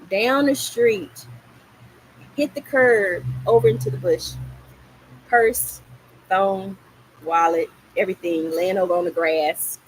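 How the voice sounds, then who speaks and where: A middle-aged woman hosting a gardening livestream, telling a story in a casual, animated way and acting out the lines she quotes. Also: a little hiss or hum, rough recording. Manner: animated, acts out quoted lines with rising pitch. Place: small home patio garden, outdoors.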